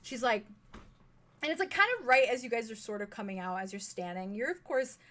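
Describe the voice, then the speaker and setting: A woman's voice: on the high side, lively intonation, fairly quick, bright, forceful tone. A woman narrating a live-streamed tabletop game as game master, giggling and rambling through asides.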